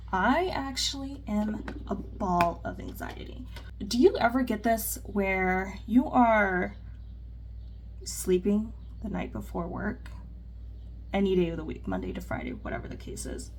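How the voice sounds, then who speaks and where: A woman's voice: medium pitch, breathy edge. A woman chatting candidly in a get-ready-with-me vlog, rambling with plenty of fillers while doing her makeup at home. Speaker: vlogger. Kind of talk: casual get-ready-with-me chat.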